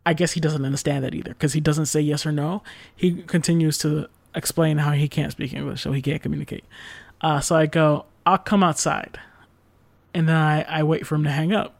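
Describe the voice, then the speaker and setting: A man with a slightly high, gravelly voice tells a long, rambling story in casual chat. He leans on "like" and "uh", swears now and then, and sounds exasperated. The sound is close and dry. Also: flat delivery, fairly quick, a little mellow, no echo. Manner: rambling, filler-heavy, exasperated retelling with swearing.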